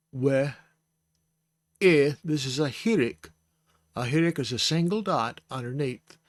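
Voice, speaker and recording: A Bible Hebrew teacher with a medium-pitched voice is recorded dry on a close microphone. In an informal lesson on the Hebrew alphabet, he talks patiently, spells out each sound, and corrects himself as he goes.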